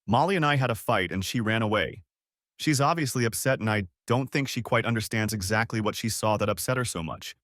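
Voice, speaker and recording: A man's voice: fairly low pitch, a little fast, fairly bright tone, dry recording, studio quality, close to an everyday voice. A man voicing a guilty wife and mother who leaves anxious, pleading voicemails.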